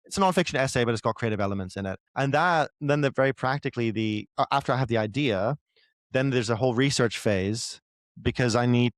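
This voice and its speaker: A man of middle pitch explains his ideas as a guest in a relaxed conversation, rambling and padding his sentences with fillers. His voice sits dry and close, with no room sound around it. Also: quick pace, no room sound. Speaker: guest writer. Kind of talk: casual podcast conversation.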